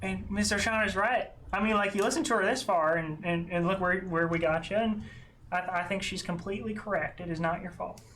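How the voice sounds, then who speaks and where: Brief: casual chatty player, mid pitch, thinking aloud. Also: a little fast, a bit bright, slight background noise, low-quality recording. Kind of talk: casual tabletop play.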